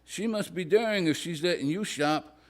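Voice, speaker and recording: A man's voice: high voice, voice pushed up, lightly acted. A man reading a story aloud, voicing a nosy, chatty woman acquaintance who fires off small talk. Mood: gushing. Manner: gushing, rapid-fire small talk.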